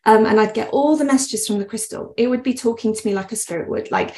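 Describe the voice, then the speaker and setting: A woman's voice: fairly high pitch, quick pace, dark tone. A woman, talking earnestly as a guest in a podcast interview, rambling and laughing often. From West Midlands, England.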